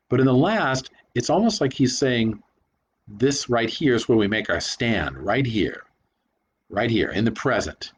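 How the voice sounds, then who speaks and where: A man's voice: lowish voice, a little hiss or hum. A man giving a reflective spoken lecture on rhetoric, talking emphatically and leaning hard on single words. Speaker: commentator on rhetoric.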